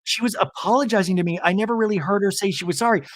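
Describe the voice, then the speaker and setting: Guy putting on a squealy over-the-top reality tv lady, shrieks way up high, dry close sound. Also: rapid-fire, no room sound, lightly acted. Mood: aggrieved venting. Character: gushing excitable reality-TV woman, shrieking in disbelief.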